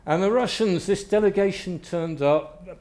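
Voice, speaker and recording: Man telling lively stories. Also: high-pitched, moderate pace. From Britain. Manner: lively storyteller, acts out quotes. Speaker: author speaking to an audience. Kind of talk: anecdotal talk. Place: venue with a live audience.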